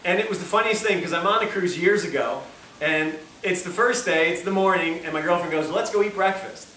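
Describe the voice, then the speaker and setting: A man's voice: high-pitched, brisk, bright, forceful tone, slight background noise. A man giving a lecture at a health institute, telling a story in a chatty, joking way full of self-mocking asides. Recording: echoey room, distant mic, faint ambience.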